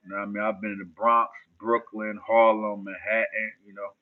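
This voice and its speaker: A New Jersey man hosts a loose, casual livestream, answering chat questions and trading street slang with his viewers in a laid-back way. His voice is fairly low, brisk and fairly monotone. The audio is narrow and tinny, like it's coming down a phone line.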